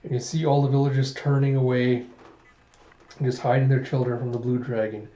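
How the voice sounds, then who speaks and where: A man reading a manga aloud with commentary, retelling the scenes in an animated way. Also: mid-range voice, fairly quick. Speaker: manga reviewer. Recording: dull echoey home recording.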